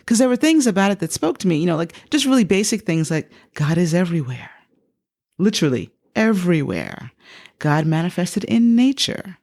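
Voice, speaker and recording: Animated, gravelly woman storyteller. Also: brisk. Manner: animated, acts out quoted speech with big pitch jumps. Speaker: psychotherapist guest. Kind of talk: personal storytelling in an interview.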